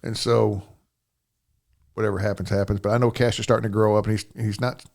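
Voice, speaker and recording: A man's voice: lowish voice, level tone, brisk, vocal fry, darkish tone. An older man, a podcast guest telling a personal story in plain, rambling speech, often asking "you know what I'm saying".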